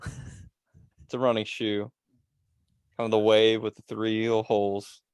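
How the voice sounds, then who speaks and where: A man on a podcast, cracking sarcastic jokes at his friends. His voice has a gravelly fry to it at a middle pitch. The sound is dry and close to the mic. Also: monotone, dry recording. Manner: joking, sarcastic, quick jabs. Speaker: podcast co-host. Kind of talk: casual chat among friends.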